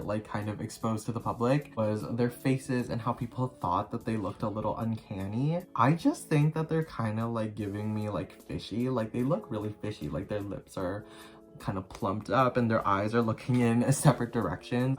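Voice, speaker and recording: A man hosting a casual doll unboxing vlog, chatty and upbeat, full of "like" fillers. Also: medium pitch. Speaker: doll collector YouTuber.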